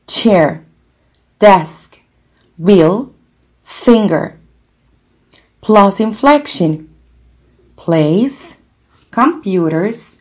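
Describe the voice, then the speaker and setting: A woman instructor reading a grammar lesson aloud, deliberately going through word lists one item at a time. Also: on the low side. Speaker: language instructor.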